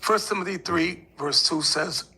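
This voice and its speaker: A man's voice: high-pitched, a little slow, vocal fry, background noise. A man speaking as a religious leader in an interview, emphatic and preachy, often acting out quoted voices. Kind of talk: interview talk.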